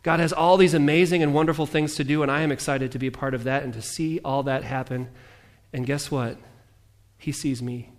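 A man preaching a sermon as pastor, animated, with jokey asides and voices he mimics. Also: fairly high pitch, a little fast.

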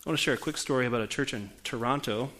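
A man in his forties, a pastor in church, gives a conversational sermon and puts questions to his congregation. His voice sits at medium pitch, racing along with a slightly bright tone.

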